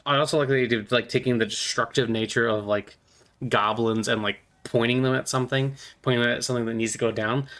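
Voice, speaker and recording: A man's voice: mid-range voice, fairly bright tone. A man vlogging about miniatures in a casual, playful, rambling way.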